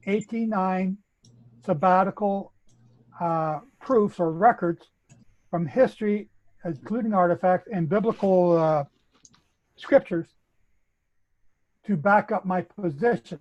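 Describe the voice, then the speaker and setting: A man's voice: high voice, slow pace, long pauses, highs cut off. A man with a Canadian accent, methodically explaining a bible chronology as a guest speaker. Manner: methodical, lecturing.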